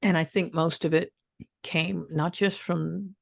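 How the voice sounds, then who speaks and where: A woman's voice: on the low side, fairly even intonation, takes it slowly, vocal fry, dry recording. An older woman speaking frankly as an interview guest, a former death investigator recalling her work. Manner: frank, plainspoken, swears freely. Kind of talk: casual interview talk.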